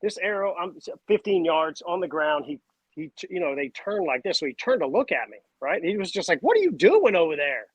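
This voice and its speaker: A man, a podcast guest telling stories in a casual, animated way. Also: a little high, fairly quick, husky, dry recording, dull audio. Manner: animated, acts out voices and sounds. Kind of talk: casual storytelling chat.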